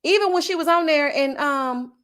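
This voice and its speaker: A woman's voice: sits high, normal speed, fairly bright tone. A woman giving casual, sassy reality-TV gossip commentary and reading out viewer comments, calling her audience child and baby.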